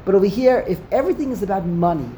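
A man's voice: high-pitched, lively intonation, rapid-fire, warm tone, a little hiss or hum. A man leading a Talmud study discussion, asking rhetorical questions and mixing in Hebrew terms. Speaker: Torah study teacher.

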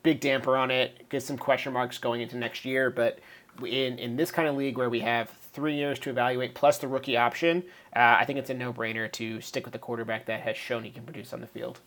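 A man guesting on a podcast, weighing his choices aloud in a measured, casual way. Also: mid-range voice, flat delivery, fairly bright tone.

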